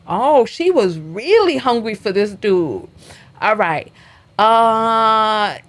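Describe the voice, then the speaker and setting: A woman's voice: medium pitch, sing-song, slow. A woman hosting a reaction show, commenting casually and bluntly while reading messages aloud. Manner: chatty and blunt, reads screenshots aloud.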